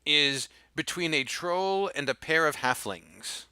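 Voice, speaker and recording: A man's voice: fairly high pitch, lively intonation, takes it slowly, sharp tone, clean tone, no echo. A young man narrating as game master, describing the action in a storytelling way with frequent fillers.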